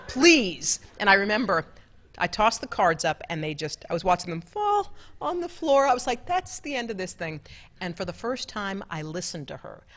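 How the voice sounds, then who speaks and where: A middle-aged woman, a television co-anchor, telling stories to an event audience in a lively, laughing, chatty way. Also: fairly low pitch. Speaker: television co-anchor giving a talk. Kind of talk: storytelling talk with audience Q&A. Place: large club event room.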